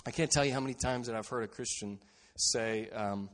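A man preaching a sermon as a pastor, earnest and steady, dropping to a quiet voice to stress key phrases. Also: medium pitch, brisk, few pauses, long reverb tail.

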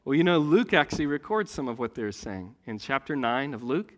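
A man preaching a sermon, telling a story with great animation and swinging between loud and hushed delivery. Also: mid-range voice, big pitch swings, fairly quick, long reverb tail.

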